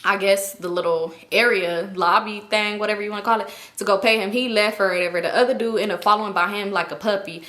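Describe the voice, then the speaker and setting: Animated, slangy young woman telling a story. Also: medium pitch, quick pace, hardly any pauses. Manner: animated, slangy and profane, lots of fillers. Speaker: storytime YouTuber. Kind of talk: casual storytime.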